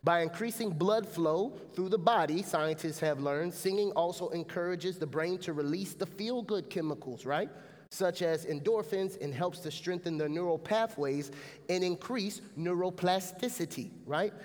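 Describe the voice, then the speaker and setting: A man preaching a lively sermon as pastor, often turning to the congregation with a quick "right?". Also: high voice, long reverb tail. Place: church sanctuary. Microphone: stage mic.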